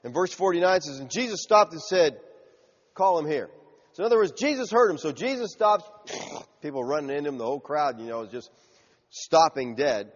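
A fairly high-voiced man preaching with real animation, his pitch rising and falling as he builds the story. The sound is a little muffled and rings with a long reverb, as if heard in a large church hall. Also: normal speed. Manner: animated preaching, acting out crowd voices and shouts. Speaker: pastor. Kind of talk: sermon.

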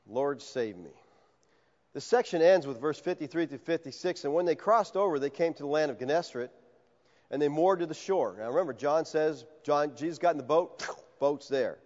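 A man preaching a verse-by-verse sermon as a pastor, talking in an animated way and acting out the voices of Bible figures. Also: fairly high pitch, brisk. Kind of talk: expository sermon. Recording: dull sound with long reverb in a large hall.

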